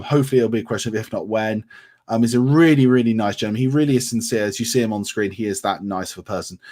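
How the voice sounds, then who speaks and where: A man with a mid-range, slightly mellow voice hosts a casual livestream from his home in North Yorkshire. He's English, raised around Milton Keynes, and reads out viewer comments, answering them in a friendly, chatty way full of ums.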